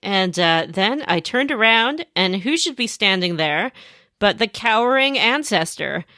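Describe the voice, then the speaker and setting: Animated woman retelling a game. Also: mid-range voice, a little slow, no room sound, clean studio sound. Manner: animated storytelling, acts out characters. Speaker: podcast co-host. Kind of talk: casual chat recapping a game.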